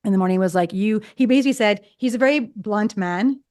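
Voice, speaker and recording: A woman's voice: mid-range voice, fast, darkish tone. A woman in her fifties, a psychologist guest, telling personal stories in a chatty way and acting out past conversations. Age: 50s. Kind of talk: casual storytelling interview.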